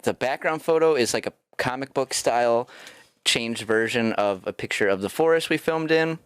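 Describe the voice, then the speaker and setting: A man's voice: mid-range voice, moderate pace, fairly bright tone, smooth, dry recording. A man co-hosting a livestream, chatting casually in a rambling way and laughing often. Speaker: livestream co-host. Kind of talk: casual stream chat.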